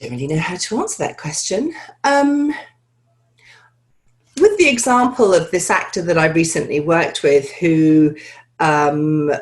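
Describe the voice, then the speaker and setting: A woman accent coach answering listener questions in an interview, talking in a lively, chatty way with frequent laughs. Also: deep voice, measured pace, pauses often.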